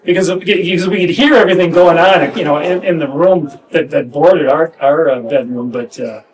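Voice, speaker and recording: Halting middle-aged man, mic set back. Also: a little high, distant mic, low-quality recording. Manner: halting, reflective, many restarts. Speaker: former player reminiscing. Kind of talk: casual chat.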